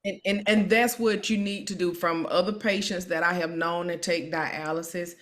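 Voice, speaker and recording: A woman's voice: lowish voice, steady tone, normal speed, a bit bright. A woman hosting an emotional interview, encouraging and repeating herself as she talks. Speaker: host. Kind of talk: emotional live-stream interview.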